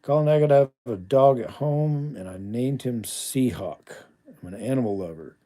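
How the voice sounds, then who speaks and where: Blunt, mellow-voiced man chatting on a livestream. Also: mid-range voice, expressive, normal speed. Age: middle-aged. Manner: blunt, chatty, mumbles asides under his breath. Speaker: livestream host reading viewer comments. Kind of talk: casual livestream chat.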